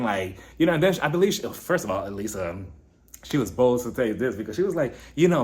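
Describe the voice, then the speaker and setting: A man in the middle of a casual reality show recap, his voice sitting at an ordinary pitch. He talks in an animated, gossipy way and now and then jumps way up high to mimic the cast. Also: a little fast. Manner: animated, shifts into high-pitched impressions when quoting. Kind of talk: casual commentary.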